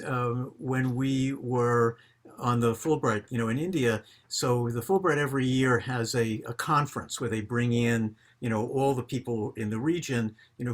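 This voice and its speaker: An older man telling a rambling story on a group video call, with many fillers and restarts. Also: mid-range voice.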